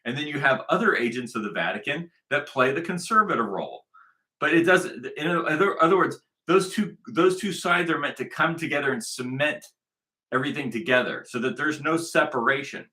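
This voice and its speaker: A man's voice: fairly high pitch, expressive, a little fast, pushed and bright. A man delivering a combative, repetitive commentary monologue, hammering his points with emphasis. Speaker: online commentator.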